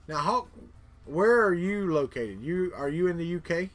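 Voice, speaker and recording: A man's voice: high voice, expressive, normal speed, fairly bright tone, soft background music. A middle-aged man from Florida with a Southern accent, chatting casually with live viewers in a rambling way, repeating words and chuckling. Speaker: livestream host.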